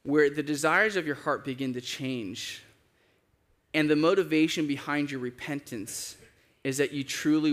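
A man preaching a sermon as a pastor, conversational and lively, acting out the voices he quotes. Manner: conversational, acts out quoted voices with big pitch jumps.

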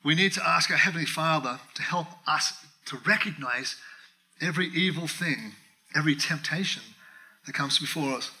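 A middle-aged man preaching a sermon, telling a personal story with animated acted-out dialogue and frequent laughter. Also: a little high, normal speed, rough recording. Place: church.

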